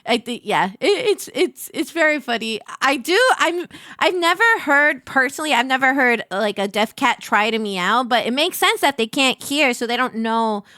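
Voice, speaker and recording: A woman's voice: high voice, expressive, moderate pace, hardly any pauses, sharp tone, no echo, studio quality. A bubbly woman hosting a charity stream, chatting and reading out pet submissions. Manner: bubbly, giggly, gushing. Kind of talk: casual chat.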